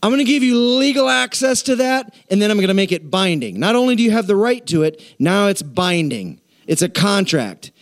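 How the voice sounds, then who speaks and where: A man preaching a sermon in a church, energetic and playful, calling out to the congregation. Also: sits high, a little fast, hardly any pauses. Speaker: pastor.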